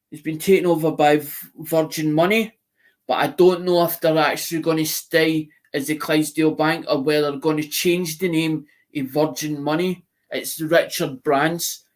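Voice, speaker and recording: Scottish man rambling on his channel, bit higher voice, lots of restarts. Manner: digressive, repeats himself, restarts a lot. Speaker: online auction channel host. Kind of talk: rambling casual chat.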